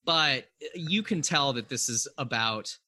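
Bright, dry-voiced man hosting a podcast. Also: mid-range voice, expressive, unhurried, no echo. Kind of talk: casual music discussion.

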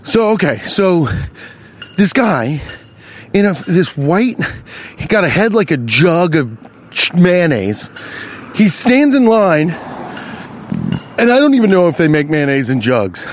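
A young man on a city street rants into his podcast about a stranger. His voice sits a little high and leaps around with lively swings. He is casual, profane and animated. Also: slow, pauses often, a little hiss or hum. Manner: animated, profane, riffs on his own story. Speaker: podcast host. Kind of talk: casual storytelling rant.

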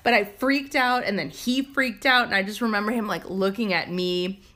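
A woman's voice: medium pitch, moderate pace, sharp tone. A woman in her thirties co-hosting a podcast, chatting casually and swearing freely. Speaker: podcast co-host. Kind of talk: casual chat.

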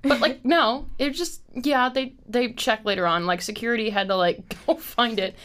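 A young woman in her twenties hosts a casual podcast chat in a slightly high voice. She rambles through stories, leans on "like" constantly and swears freely. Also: normal speed, a bit bright. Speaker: podcast host.

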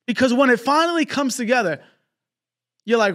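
High-voiced fervent male preacher. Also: lively intonation, normal speed, pauses often, a bit bright. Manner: fervent, peppered with exclamations of praise; storytelling with quoted dialogue. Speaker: traveling preacher. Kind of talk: preaching and donation appeal. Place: broadcast.

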